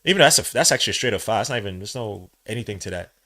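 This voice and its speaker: Excitable New man calling a game. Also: fairly low pitch, rapid-fire. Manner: swings from muttered play-by-play to loud outbursts, slangy. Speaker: podcast host. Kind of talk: excited live watch-along commentary.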